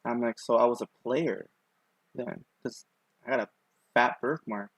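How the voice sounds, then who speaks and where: A man's voice: mid-range voice, fairly even intonation, unhurried, breathy edge, no echo, poor audio. A young man streaming while he draws, telling a long story in a loose, rambling way with lots of fillers. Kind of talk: casual chat while drawing.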